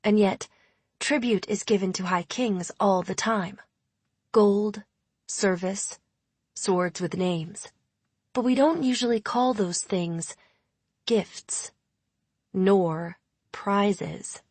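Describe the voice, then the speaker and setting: A woman narrating a first-person dark fantasy audiobook in a measured, deliberate way. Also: medium pitch, slightly rough, no room sound.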